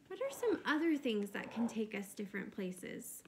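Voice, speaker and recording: A woman kindergarten teacher giving a video lesson to young children, talking clearly and encouragingly. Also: medium pitch, very animated, moderate pace, few pauses, background noise.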